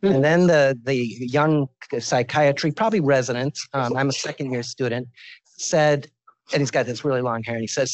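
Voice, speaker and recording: A man's voice: medium pitch, moderate pace, no echo, rough recording. A man in his sixties giving a medical lecture as a visiting professor, informal and joking, telling stories from his career.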